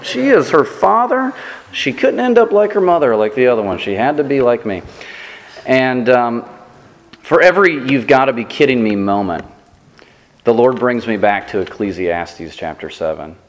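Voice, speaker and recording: A man preaching a sermon as pastor, telling self-deprecating stories in a lively, animated way. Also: mid-range voice, normal speed, in a large hall.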